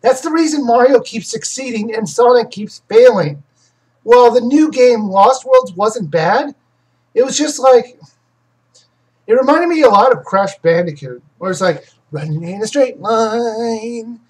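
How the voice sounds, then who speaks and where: A husky-voiced game reviewer hosting a casual live question session. The voice sits at a middle pitch, and the talk rambles with frequent restarts and confident opinions on games. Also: expressive, unhurried, poor audio. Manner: rambling, self-correcting, many restarts.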